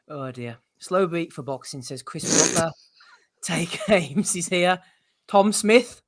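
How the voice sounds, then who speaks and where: A man's voice: on the high side, animated, slow pace, long pauses, crowd noise. A man hosting a casual boxing podcast, reading out names from the live chat and steering the show along. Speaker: podcast host.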